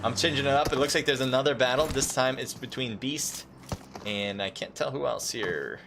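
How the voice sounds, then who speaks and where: A man doing live esports commentary on a mobile battle royale match, calm and explanatory, with loud excited bursts at big plays. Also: mid-range voice, moderate pace, vocal fry, background noise. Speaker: esports caster.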